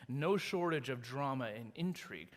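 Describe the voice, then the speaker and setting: A man preaching a sermon as pastor, retelling a story in a lively, animated way with acted quotes. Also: mid-range voice, moderate pace. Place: church sanctuary. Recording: long reverb of a church hall.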